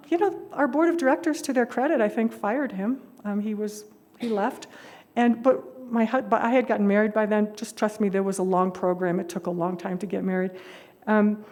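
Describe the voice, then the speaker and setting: A woman's voice: medium pitch, darkish tone. An older woman giving a storytelling talk at a worship service, chatty with easy humor and frequent laughs. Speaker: lay speaker at a worship service. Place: worship hall. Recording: echoey hall reverb.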